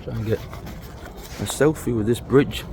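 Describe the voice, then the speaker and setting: Outdoors on an old, disused railway trail, a male walking vlogger chats to camera and points out what he passes. His pitch sits in the middle, his pace is moderate, and background noise can be heard.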